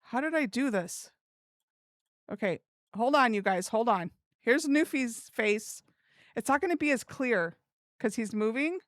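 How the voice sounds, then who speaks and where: A woman's voice: fairly high pitch, lively intonation, unhurried, no echo, clean studio sound. A young woman streaming live, chatting casually to her viewers and giggling as she works things out. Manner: giggly, chatty, talks to herself while working. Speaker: livestream streamer.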